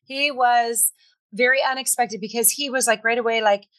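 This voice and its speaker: Chatty woman with a fairly high voice. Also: fairly even intonation, a bit bright. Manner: chatty, quick asides, retells conversations. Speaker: guest. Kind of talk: casual chat.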